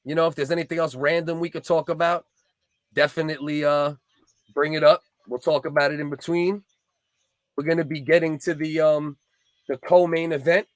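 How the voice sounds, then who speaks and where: A New man in his thirties hosts a livestream chat, swearing freely and rambling through heated stories. His voice sits somewhat high, and the recording is dry and close with no room sound. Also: no room sound. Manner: profane, rambling, heated storytelling. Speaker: livestream host.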